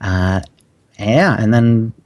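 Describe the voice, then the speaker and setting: Rambling low-voiced man with filler words. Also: extremely slow, darkish tone. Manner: rambling, hesitant, easy laughs. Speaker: podcast co-host guest. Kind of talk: casual interview.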